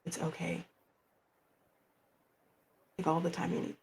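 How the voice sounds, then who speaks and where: A woman game master voicing a sad, gentle man who quietly comforts a friend. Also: fairly high pitch, monotone, a little slow, vocal fry, a little hiss or hum. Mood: soothing.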